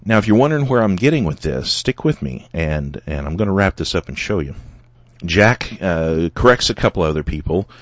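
A man's voice: low-pitched, animated, brisk, no echo. A man hosting a solo podcast, retelling an online argument and reading comments aloud with many fillers. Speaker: podcast host. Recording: dull lo-fi dry sound.

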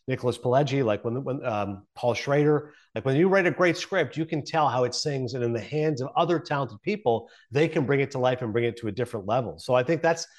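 A man in his forties speaking as an interview guest, earnest and reflective, often restarting his sentences. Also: medium pitch. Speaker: guest, sports broadcaster. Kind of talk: conversational interview.

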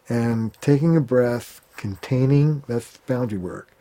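Male therapist guest: mellow, relaxed tone; lively storyteller who slips into quoted voices. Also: on the low side, slow pace, hardly any pauses. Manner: animated, acts out quoted arguments. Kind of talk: conversational interview.

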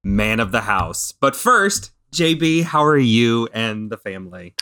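A man's voice: medium pitch, sing-song, a little slow, sharp tone, no echo, studio quality. A man co-hosting a casual chat podcast in an easygoing way, laughing often. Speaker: podcast co-host.

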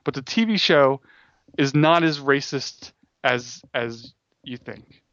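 A man co-hosting a casual podcast chat, rambling quickly with frequent restarts. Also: mid-range voice, a bit bright, no room sound. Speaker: podcast co-host. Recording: dull dry close-mic audio.

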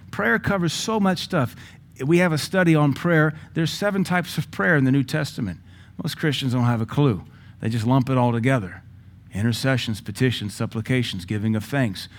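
A medium-pitched male pastor teaches a sermon in a lively, joking manner. Now and then he breaks into praying in tongues.

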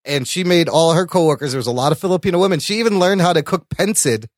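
A young man from the Chicago area hosting a casual podcast chat, animated and laughing often. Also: on the high side, fast talker, dry recording, studio quality. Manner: animated, laughs often, slips into funny voices. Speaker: podcast host.

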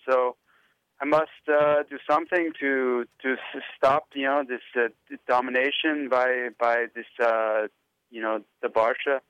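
A man doing a halting German-accented young racer. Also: medium pitch, clean tone, no room sound, dull audio, close to an everyday voice. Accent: German (put on). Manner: halting broken English, many fillers and restarts.

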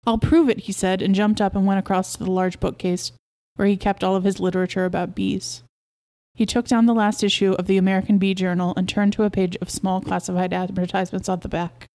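A woman narrating a short story for her podcast, her voice mellow and unhurried. She reads the prose plainly and steadily between the characters' lines. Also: mid-range voice, flat delivery. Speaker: podcast host reading a story. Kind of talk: story reading.

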